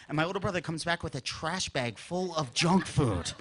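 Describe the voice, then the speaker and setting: Animated high-voiced male stand-up comic. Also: fairly quick, few pauses. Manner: animated storytelling, acts out characters with sudden shouts. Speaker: stand-up comedian. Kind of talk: stand-up comedy routine.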